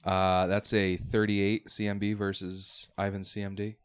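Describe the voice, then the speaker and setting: A man's voice: fairly low pitch, monotone, a little slow, smooth. A man acting as game master, explaining rules step by step and thinking aloud as he runs a tabletop game.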